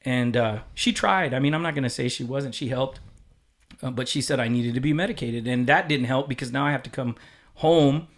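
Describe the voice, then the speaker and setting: A man's voice: medium pitch, brisk. A man with an ordinary mid-range voice tells a story in loose conversation. He swears freely and slips into the voices of the people he quotes. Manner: candid and profane, acting out quoted dialogue. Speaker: podcast guest. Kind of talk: casual storytelling chat.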